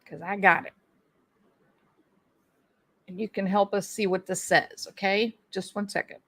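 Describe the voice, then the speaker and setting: Bright-voiced woman hosting a casual livestream. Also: mid-range voice, steady tone, unhurried. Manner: chatty, thinking aloud with restarts and small laughs. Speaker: livestream host. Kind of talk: casual livestream chat reading viewer comments.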